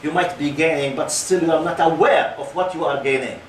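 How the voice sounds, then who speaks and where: A man's voice: on the high side, brisk, a little hiss or hum. Man in his 50s, lecturer; engaging, quizzes the audience; recorded from a distance in a reverberant hall. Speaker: Islamic lecturer. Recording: roomy hall, mic at a distance.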